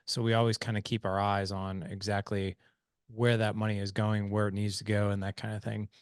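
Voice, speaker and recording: A man in his forties hosting a podcast interview, telling stories in an emphatic, animated way. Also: lowish voice, fairly quick, smooth, no room sound, clean studio sound. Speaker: podcast host. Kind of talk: conversational interview.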